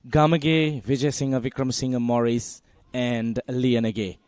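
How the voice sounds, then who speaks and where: A man commentating live cricket, giving measured analysis and reading out team lists, with frequent hesitations. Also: mid-range voice, steady tone, darkish tone, smooth, no room sound.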